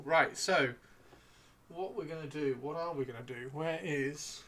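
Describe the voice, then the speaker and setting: A man's voice: fairly high pitch, normal speed, pushed and bright. A man chatting casually on a live stream while painting miniatures, rambling and playfully teasing his chat.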